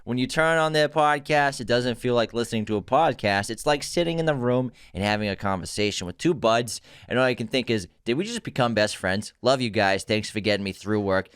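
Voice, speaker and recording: A brash, chummy Boston guy with a thick regional accent, as a podcast host puts him on. He drawls through his praise with a slangy, gushing delivery. The voice sits at an ordinary mid pitch in a dry, close room. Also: a little fast, few pauses, a bit bright, clear, resonant tone, no echo, close to an everyday voice. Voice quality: broad exaggerated regional drawl. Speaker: podcast co-host reading a review.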